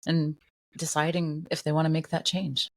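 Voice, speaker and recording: Female podcast host, lowish voice, reflective and conversational. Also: level tone, moderate pace. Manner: reflective, summing up the guest's point. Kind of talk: casual interview chat.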